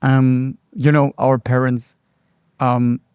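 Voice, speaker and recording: A man hosting a live podcast interview, talking in a thoughtful way with many pauses and fillers. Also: mid-range voice, little pitch movement, a little mellow, clean tone, dry recording, clean studio sound. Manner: thoughtful, filler-heavy delivery. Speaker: podcast host.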